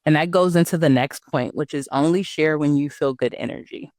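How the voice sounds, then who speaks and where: Male coach with a higher pitch, talking loosely and conversationally to students in a dry, close recording. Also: fairly quick, darkish tone, no room sound. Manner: conversational, often asks "right?" and says "y'all". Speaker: business coach. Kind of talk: casual online teaching talk.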